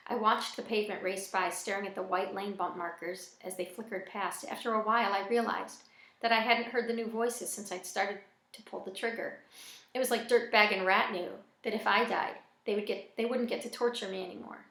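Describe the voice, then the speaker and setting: A woman reading a first-person novel aloud in a plain, even storytelling manner. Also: mid-range voice, brisk. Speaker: audiobook reader. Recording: echoey room.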